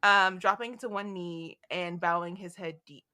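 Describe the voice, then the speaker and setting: A woman co-hosting a casual podcast about a fantasy novel, animated and laughing as she reads quotes with dramatic flair. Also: fairly low pitch, a little slow, clear, resonant tone. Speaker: podcast co-host. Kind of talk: casual book discussion.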